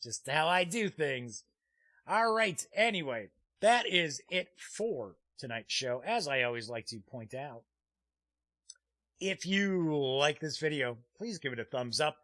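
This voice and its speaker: A man's voice: on the high side, lively intonation, measured pace, sharp tone, dry recording. A man hosting a live-streamed tabletop gaming show, chatting casually and rambling with frequent "uh" fillers as he reads viewer comments aloud. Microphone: streaming desk mic.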